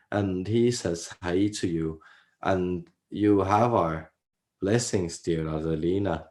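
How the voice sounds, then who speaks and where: A fatherly alien sage, as a man channels it, speaking slowly and soothingly in a put-on accent that is meant to sound Irish. The voice sits low, and it keeps stopping on gentle "well"s between phrases. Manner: slow, pausing, many "well"s. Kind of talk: channeled spiritual message.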